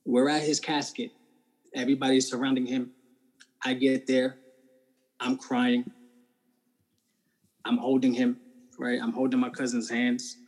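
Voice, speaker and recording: A man's voice: mid-range voice, little pitch movement, a little slow, pauses often, a little mellow, rough recording. A man being interviewed, telling his personal faith testimony in a casual, earnest way and often checking in with "right?". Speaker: interview guest.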